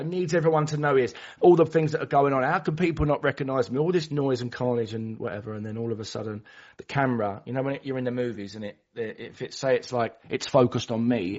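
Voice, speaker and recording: A man's voice: medium pitch, darkish tone. Passionate man sharing at a recovery meeting. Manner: passionate, storytelling, acts out voices. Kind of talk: personal share at a recovery meeting. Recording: dull lo-fi recording.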